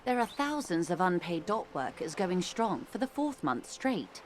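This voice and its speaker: An actress voicing a composed, calculating corporate woman negotiator in a video game, measured and persuasive. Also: lowish voice, sing-song, a little hiss or hum. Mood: calm, persuasive.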